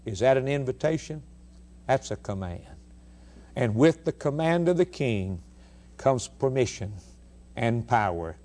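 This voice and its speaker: A male radio preacher delivering an emphatic sermon, firing rhetorical questions and swinging between loud declarations and hushed lines. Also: medium pitch, big pitch swings, a little slow, pauses often.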